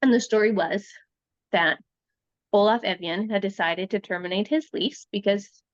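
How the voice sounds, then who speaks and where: A woman's voice: mid-range voice, moderate pace, no room sound, lo-fi sound. A woman guest, a researcher and writer from Canada, retelling a true crime case in casual conversation and acting out the quoted lines.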